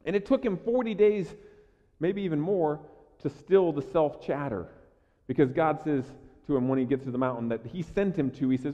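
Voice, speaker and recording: A man preaching a sermon as a pastor, talking conversationally and swinging between quiet asides and louder emphasis, often repeating words as he restarts. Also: a little high, normal speed. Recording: echoey hall, dull lo-fi sound.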